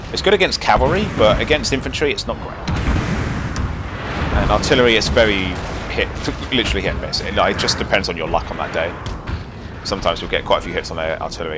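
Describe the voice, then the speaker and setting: A man casually commentating a strategy game he is playing, rambling through asides with self-deprecating humour. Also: sits low. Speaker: gaming commentator. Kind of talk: let's play commentary. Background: loud game music and cannon fire.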